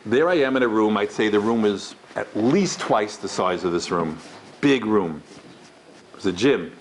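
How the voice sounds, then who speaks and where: Speaking at a normal speed, a middle-aged rabbi lectures through stories to a live crowd in a large room, animated and acting out the characters with big pitch leaps. The recording is low quality with slight background noise.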